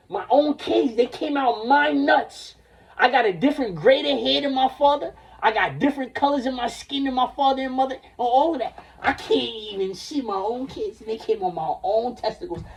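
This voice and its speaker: A man's voice: very high voice, moderate pace, darkish tone, recorded from a distance. A man in his forties ranting in a rambling, profane way on a livestream, jumping between topics. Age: 40s.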